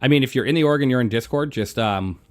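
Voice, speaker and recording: A man casually chatting with his live-stream chat while playing, relaxed and talkative, chewing a throat lozenge. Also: mid-range voice, fast talker. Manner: relaxed, chatty, answers chat between flying.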